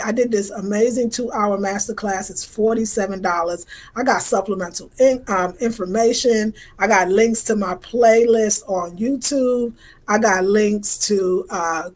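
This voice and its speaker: A woman's voice: medium pitch, a little mellow. A woman in her fifties hosting a casual livestream, chatting and greeting viewers in an effusive, slangy way. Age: 50s. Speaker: livestream host. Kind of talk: casual livestream chat reading viewer comments.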